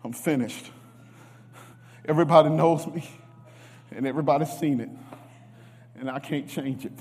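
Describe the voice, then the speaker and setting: A man preaching a sermon, emotional, moving from hushed tones to shouts. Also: on the high side, moderate pace, slight background noise. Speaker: guest preacher. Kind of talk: sermon with testimony. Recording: reverberant church hall.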